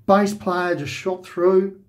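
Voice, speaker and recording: A man's voice: high-pitched, little pitch movement, slow pace. An Australian man, host of a shaving channel, telling a personal story in a rambling, conversational way with lots of "you know".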